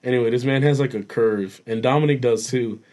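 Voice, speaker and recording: A man's voice: medium pitch, a little fast, darkish tone. A young man casually telling a rowdy story to friends, full of laughter and swearing. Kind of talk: casual chat.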